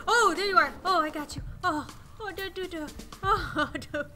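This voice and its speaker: A young woman commentating a game she plays, swinging between quiet sad musing and shrieking panic. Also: extremely high pitch, lively intonation, moderate pace, background noise. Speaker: gaming YouTuber. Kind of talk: let's play commentary. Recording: game music playing underneath.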